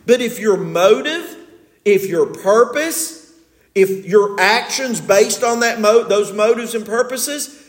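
A man preaching a sermon as pastor, lively and emphatic, often asking his congregation questions. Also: high-pitched, takes it slowly, reverberant.

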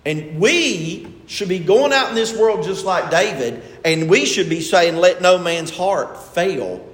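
A man's voice: high voice, animated, slow pace, a bit bright. Emphatic preacher man in an echoey hall. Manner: emphatic, rhetorical questions, acts out quotes. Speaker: pastor. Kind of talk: sermon.

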